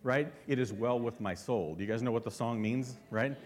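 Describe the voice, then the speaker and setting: A man's voice: medium pitch, moderate pace. A man preaching a sermon as pastor, fervent and constantly asking his congregation questions.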